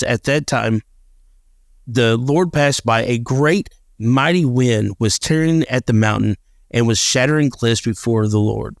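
Gravelly-voiced man talking faith. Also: medium pitch, unhurried, dry recording, clean studio sound. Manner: earnest, repeats words and restarts often. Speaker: podcast co-host. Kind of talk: casual faith talk with scripture reading.

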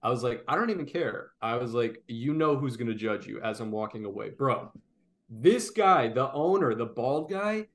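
A man telling a wild story to a friend in a loose, casual chat. His voice sits at a middling pitch, and he swears freely as he acts out the lines of the people in the story. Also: moderate pace. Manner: animated, swears freely, acts out shouted quotes. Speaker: podcast co-host telling a story.

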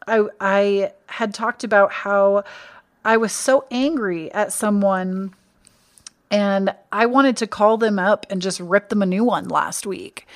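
A young adult woman hosting her own podcast, talking casually and earnestly about empathy, reflective and conversational. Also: medium pitch. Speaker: podcast host. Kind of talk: casual solo podcast talk.

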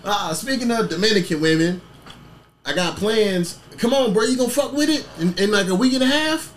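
A man's voice: high voice, fairly quick, slight background noise. A man hosting a podcast in casual chat, trading jokes and loose banter. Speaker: podcast host.

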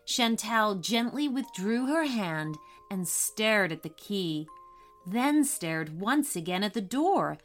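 A woman narrating a scripted children's story in a gentle, expressive way. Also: medium pitch. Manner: gentle, slow and expressive reading.

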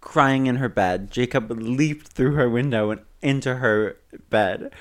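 A man's voice: mid-range voice, measured pace. A man reads a ridiculous fan fiction aloud to friends, taking his time over every line. His delivery is playful and theatrical, and he keeps dissolving into laughter. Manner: dramatic reading, breaking into laughter. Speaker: reader.

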